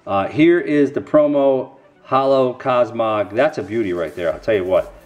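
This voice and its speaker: A man's voice: mid-range voice, moderate pace, highs cut off. A middle-aged man rambling casually to camera while opening card packs, with self-mocking, folksy asides.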